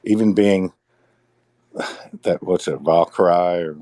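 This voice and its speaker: A man's voice: low-pitched, takes it slowly, dark tone, no echo. A middle-aged man in casual podcast chat, rambling, repeating words and sighing between thoughts.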